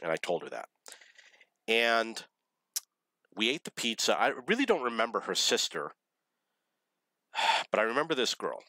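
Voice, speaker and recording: Man, fairly low voice, bright forceful tone, rambling anecdotes, self-correcting, dry close sound. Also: very animated, a little slow, long pauses, dry recording, rough recording. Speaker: storyteller. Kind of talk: casual anecdote telling.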